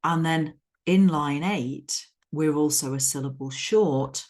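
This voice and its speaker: A woman's voice: low-pitched, slow pace, darkish tone. A woman teacher explaining a poem in a loose, thinking-aloud way, sometimes chanting stress patterns to show the rhythm. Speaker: English literature teacher. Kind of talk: explanatory poetry lesson.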